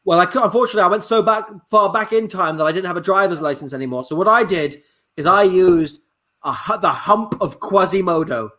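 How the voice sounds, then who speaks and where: A man's voice: high voice, a little fast, bright, forceful tone. A man improvising a comedy scene, fumbling and hesitating through a guessing game.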